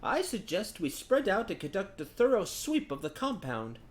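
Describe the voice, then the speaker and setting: A man reading as a calm, wry adventurer. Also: high-pitched, moderate pace, pitched above the performer's own voice. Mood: measured. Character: calm male scholar-adventurer, measured and dry.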